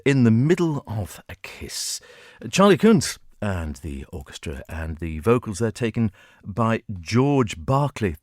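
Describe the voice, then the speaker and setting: Chatty low-voiced male radio host. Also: no room sound, clean studio sound. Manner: chatty and digressive, chuckles. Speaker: radio presenter. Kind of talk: casual music-show chat. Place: radio studio.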